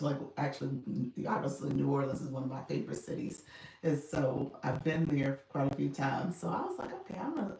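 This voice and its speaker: A woman with a low, gravelly voice coaches on a casual livestream, thanking viewers by name and laughing often. The room is echoey, and the mic sits at a distance.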